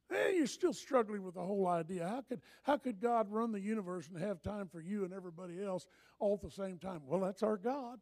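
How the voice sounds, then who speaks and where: An impassioned man preaching a sermon, with a high voice for a man. His tone is gravelly and edged with fry. He is animated and swings between quiet appeals and shouts. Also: brisk.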